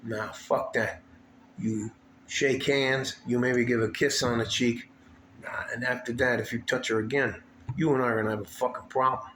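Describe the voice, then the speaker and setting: Heated and cursing, this man from West Texas vents in a vlog monologue, circling back over the same complaints. He speaks at medium pitch and a moderate pace, with a steady, fairly bright tone, recorded in an echoey room with faint background noise.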